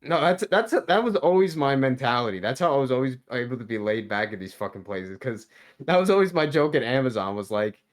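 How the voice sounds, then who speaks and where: A man's voice: mid-range voice, expressive, fairly quick. A man in his thirties telling a work story in casual podcast chat, laid-back, swearing constantly and restarting his sentences. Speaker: podcast guest.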